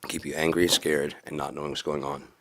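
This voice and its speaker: A man giving a profane political rant in a video blog, repeating himself and rising into preachy shouting. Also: a bass voice, level tone, fairly quick. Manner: swearing, repetitive, builds to preachy shouting. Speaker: video blogger.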